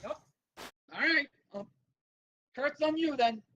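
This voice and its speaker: Lively woman dungeon master, high voice. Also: takes it slowly, highs cut off, background noise. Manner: laid-back, laughing, lots of fillers. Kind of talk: narrating a tabletop game.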